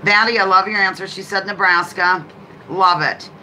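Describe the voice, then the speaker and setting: A woman hosts a casual live trivia game with a bright, clear voice at an ordinary middle pitch. She chats loosely between questions and welcomes viewers by name. When she reads a question, she draws it out slowly. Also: slight background noise, low-quality recording. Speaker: livestream host.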